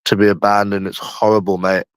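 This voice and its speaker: A man's voice: lowish voice, little pitch movement, clear, resonant tone, no room sound. Repetitive, rambling man with a London accent. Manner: rambling and repetitive, often slow and drawn out, with slang and swearing. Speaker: livestream host. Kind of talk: casual livestream chat.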